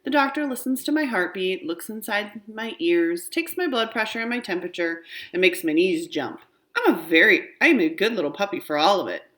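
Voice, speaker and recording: A woman's voice: mid-range voice, very animated, fairly quick, fairly bright tone. A woman reading a children's book aloud, narrating expressively in the first person. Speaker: storybook reader.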